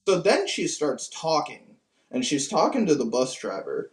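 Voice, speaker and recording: A man's voice: a little high, very animated, measured pace. Profane rambling man telling a story. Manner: rambling, profane, lots of "like" fillers. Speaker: guest. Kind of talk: casual storytelling. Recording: roomy, distant mic, faint music.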